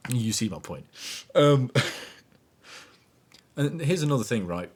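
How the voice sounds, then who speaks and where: A man hosting a podcast, talking in a casual motivational monologue that is animated and emphatic, swearing freely. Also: medium pitch, slow pace, slightly rough. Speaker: podcast host.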